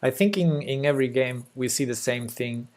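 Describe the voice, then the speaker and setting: Giving laid-back chess commentary on a live stream, a young man with a Spanish accent, Spanish being his native tongue, hesitates with fillers and soft laughs. He speaks at a medium pitch and normal speed.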